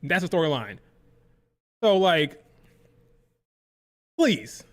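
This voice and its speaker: A man hosting a live reaction stream, his voice sitting a touch high. He rants hotly and swears freely, sounding fed up as he answers his chat. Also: big pitch swings, extremely slow. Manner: heated, profane, exasperated ranting. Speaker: livestream host.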